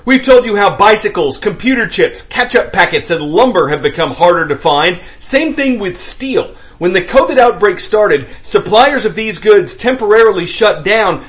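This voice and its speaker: A man reading the news as anchor in a brisk, clear newsreader delivery. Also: high voice, fairly bright tone. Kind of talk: scripted news narration.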